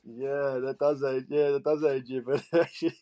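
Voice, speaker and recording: Lively Geordie man telling stories. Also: mid-range voice, moderate pace, muffled recording. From England. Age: 20s. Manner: animated, laughing, acts out quoted voices. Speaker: guest. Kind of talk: casual storytelling chat.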